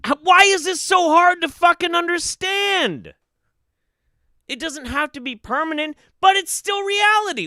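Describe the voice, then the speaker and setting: A young man streaming live reaction commentary, ranting and swearing, swinging between loud outbursts and muttered asides. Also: very high voice, a little slow, no echo, studio quality.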